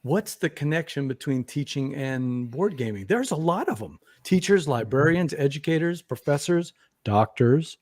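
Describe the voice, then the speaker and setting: A man's voice: on the high side, normal speed. Rambling man hosting a live show. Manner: relaxed, rambling, frequent restarts. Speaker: podcast host. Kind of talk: casual live-show chat.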